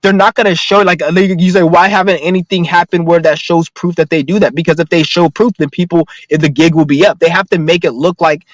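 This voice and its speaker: A man's voice: fairly high pitch, fairly even intonation, brisk, hardly any pauses, no room sound, rough recording. A man ranting to his viewers in a profane, rambling, emphatic monologue, reading out their comments now and then. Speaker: vlogger.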